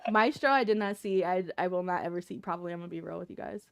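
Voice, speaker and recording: A woman's voice: lowish voice, very fast, vocal fry, clean tone, dry recording. A woman co-hosting a casual chat among friends, blunt and joking, laughing often. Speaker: podcast co-host.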